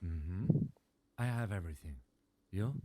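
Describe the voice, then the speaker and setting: A composed police lieutenant with a very dark, mellow voice set fairly low, as a man reads him out in a game playthrough. He questions people in a measured, dry way. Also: lively intonation, slight background noise. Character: calm, reserved male police lieutenant.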